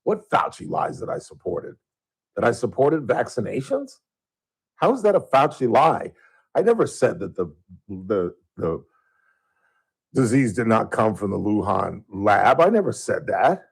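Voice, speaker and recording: A man's voice: fairly low pitch, very animated, measured pace, gravelly, slightly rough, poor audio. A man hosting a call-in talk radio show, ranting at a caller in a heated, sarcastic way.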